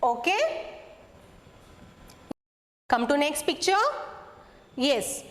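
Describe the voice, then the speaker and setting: A woman with an Indian English accent teaching phonics to young children, spelling out letters slowly and repeating each word. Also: high voice, big pitch swings, big-room sound. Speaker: kindergarten teacher.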